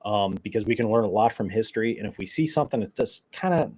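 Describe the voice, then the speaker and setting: A man's voice: fairly low pitch, expressive, quick pace, few pauses, darkish tone, slightly rough, rough recording. A man hosting his podcast in a casual solo chat, rambling and joking in a caffeine-wired way with plenty of fillers. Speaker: podcast host.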